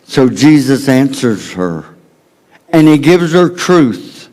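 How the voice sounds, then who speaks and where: Slow, dramatic Southern preacher man. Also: big pitch swings. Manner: dramatic, swings from loud emphasis to hushed low tones. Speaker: pastor. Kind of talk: sermon.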